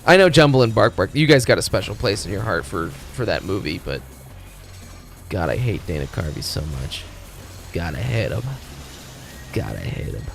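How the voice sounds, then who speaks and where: A man chatting casually on a live stream, ranting loudly with constant swearing and jumping between topics. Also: low voice, moderate pace, gravelly, pauses often, soft background music. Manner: profane ranting, animated.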